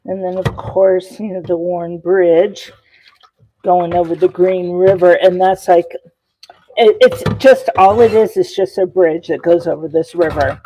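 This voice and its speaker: A woman's voice: lowish voice, fairly even intonation, a little slow, warm tone, slight background noise, rough recording. A woman hosting a casual cooking livestream from her home kitchen, chatty and rambling, full of fillers and talking to her chat. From Rocky Mountains, USA. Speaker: livestream host.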